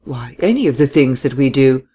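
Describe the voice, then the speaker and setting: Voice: medium pitch, animated, normal speed, mellow, slightly rough. Reader voicing a jolly, teasing young widow. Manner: teasing, laughing, distinct. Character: young widow, jolly, mocking, high distinct tones.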